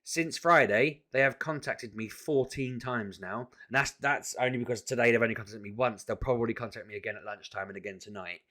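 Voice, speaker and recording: A man venting in a casual vlog to camera, exasperated and animated, often restarting his sentences. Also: medium pitch, a little fast, few pauses. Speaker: vlogger.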